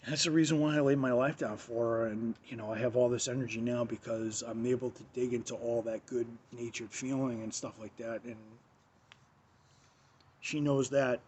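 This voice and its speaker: A man's voice: mid-range voice, steady tone, normal speed, a little mellow, slight background noise. A man hosting his own show, telling a personal story in a rambling, casual monologue with many restarts, recorded on his phone. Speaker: show host.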